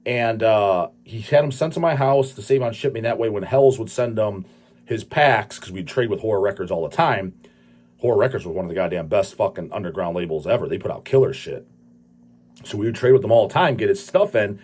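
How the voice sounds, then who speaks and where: A man's voice: fairly low pitch, expressive, fairly quick, darkish tone. A man hosting his own channel, ranting casually in a rambling, profane way and laughing often. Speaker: channel host.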